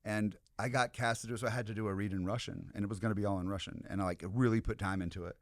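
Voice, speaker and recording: Racing along in a fairly low, steady voice, a man from the American South, a comedian who also teaches history, tells loose, rambling podcast stories full of "like" and "you know," captured in clean studio sound without room tone.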